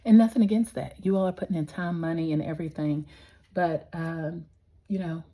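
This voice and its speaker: A woman's voice: low-pitched, brisk, dark tone. A middle-aged woman, chatting earnestly and rambling to her viewers with lots of fillers. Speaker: vlogger. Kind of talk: casual chat to viewers.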